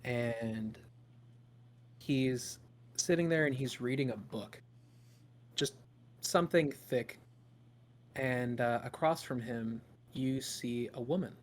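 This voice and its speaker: A man's voice: medium pitch, slow pace, pauses often. A man narrating a tabletop game as game master, in a loose, improvised storytelling way with fillers.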